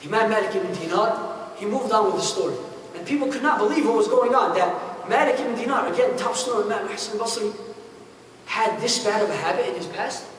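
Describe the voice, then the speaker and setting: A man with a notably high voice for a male speaker, preaching as an imam and telling a story in an animated way. He repeats phrases and translates his Arabic quotes into English. He is recorded from far off in a very echoey mosque hall, with a faint hiss underneath. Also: fairly quick. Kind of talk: storytelling sermon.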